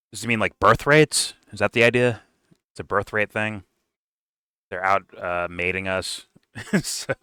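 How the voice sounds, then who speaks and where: A man hosting a casual reaction stream, pausing a clip to comment in a rambling, profane way. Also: low voice, bright, forceful tone, clear, resonant tone, no echo, clean studio sound.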